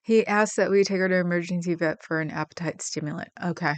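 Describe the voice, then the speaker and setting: A woman's voice: on the low side, fairly even intonation, quick pace, no echo. A woman hosting a livestream, chatting casually and rambling with viewers, getting emotional about her pets. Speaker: livestream host.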